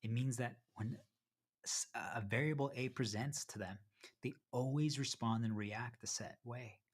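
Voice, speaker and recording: A man's voice: mid-range voice, measured pace. A man livestreaming from home, talking in a rambling, self-interrupting way and repeatedly addressing his viewers as "you guys," sometimes with his mouth full. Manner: eating while talking at times. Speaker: live streamer. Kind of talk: rambling livestream monologue to chat.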